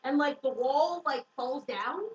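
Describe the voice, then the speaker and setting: A young woman with a high, animated voice casually recaps a book at an unhurried pace, swearing freely, saying "like" constantly, and acting out the quotes. Soft music plays in the background. The distant mic gives a dull, echoey room sound.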